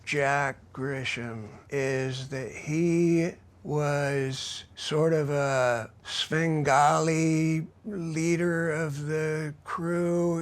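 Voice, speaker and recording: A man interviewed for a documentary, recalling the past in a deliberate, wry way. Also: fairly high pitch. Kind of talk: reflective interview recollection.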